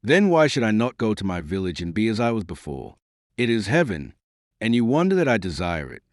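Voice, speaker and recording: A man voicing a devout, gentle young peasant girl turned army commander, speaking earnestly and pleading. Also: on the low side, sing-song, fairly quick, dry recording, studio quality.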